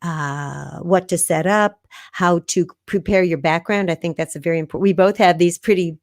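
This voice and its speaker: A woman's voice: fairly low pitch, moderate pace, dry recording, clean studio sound. A woman guest coaching about video, talking in a casual, encouraging way on a video call. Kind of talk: casual live interview chat. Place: room at home.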